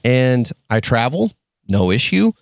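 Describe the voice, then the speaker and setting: A man from Michigan co-hosting a podcast, telling stories in casual chat, animated and swearing as he acts out quotes. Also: mid-range voice, takes it slowly, vocal fry, no room sound, clean studio sound. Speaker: podcast co-host.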